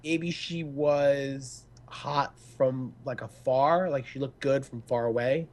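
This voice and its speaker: A man's voice: mid-range voice, steady tone, takes it slowly, a little mellow. A man co-hosting a casual esports podcast, talking loosely with jokes and crude banter. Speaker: podcast co-host.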